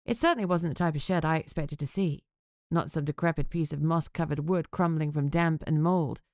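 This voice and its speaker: A woman narrating a first-person audiobook with an expressive reading. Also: low voice, brisk, dry recording, clean studio sound.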